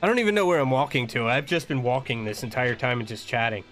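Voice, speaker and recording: An American man talks casually while he plays a game, rambling from one thought to the next. He laughs often. His voice sits at a middle pitch. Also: very animated, fast talker, a bit bright, soft background music. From United States. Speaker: streamer. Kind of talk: casual chat while gaming.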